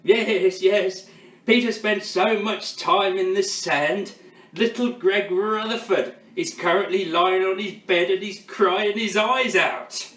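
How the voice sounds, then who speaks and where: A man's voice: sits high, steady tone, takes it slowly, a bit bright, reverberant, far from the mic. A man playing a teasing veteran game-show host in his late eighties, firing off showbiz quips in a comedy sketch. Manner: quipping, teasing, showbiz patter.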